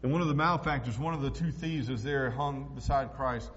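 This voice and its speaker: A man preaching a sermon as pastor, emphatic, swinging between loud declarations and hushed asides. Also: medium pitch, a little fast. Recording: echoey hall, dull lo-fi sound.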